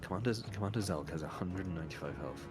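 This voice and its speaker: A man's voice: low-pitched, fast talker. A man with a British accent, chatting and joking as a guest while playing a co-op game. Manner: chatty, joking, rambling asides. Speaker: co-op guest streamer. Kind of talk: casual gaming chat. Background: game music.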